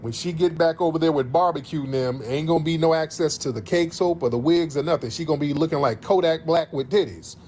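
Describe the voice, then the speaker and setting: A man's voice: on the high side, fast talker, hardly any pauses, darkish tone, slight background noise. A man from the United States hosting a livestream, ranting in heated, profane reaction commentary and repeating his points for emphasis. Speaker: livestream host.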